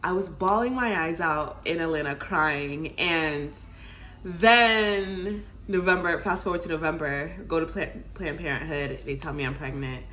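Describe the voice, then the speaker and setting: A young woman in her twenties tells a casual vlog story to her viewers, animated and laughing and calling them y'all. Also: deep voice, unhurried. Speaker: vlogger.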